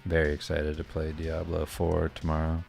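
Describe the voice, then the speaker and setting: A man's voice: extremely low pitch, monotone, normal speed, creaky, a little mellow, faint music behind. A man chatting casually with dry, laid-back asides. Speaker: co-host, artist. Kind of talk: casual chat.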